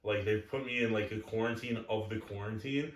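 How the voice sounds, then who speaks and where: Talking fairly quickly in a steady, lowish voice, a young man co-hosts a casual podcast. He tells crude stories in a rambling, blunt way, and the echoey room is captured from far away.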